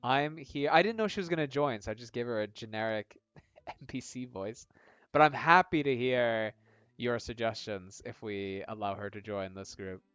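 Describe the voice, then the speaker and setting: A man's voice: medium pitch, moderate pace, fairly bright tone, clean tone, no echo, dull audio. A man narrating a tabletop-style video game on a live stream, chatty and self-mocking.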